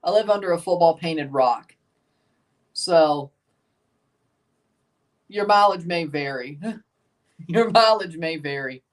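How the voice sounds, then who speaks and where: A man's voice: fairly high pitch, slow pace, long pauses, far from the mic. A man with a Southern accent streaming live match reactions, chatting with viewers and exclaiming at plays. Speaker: watchalong streamer.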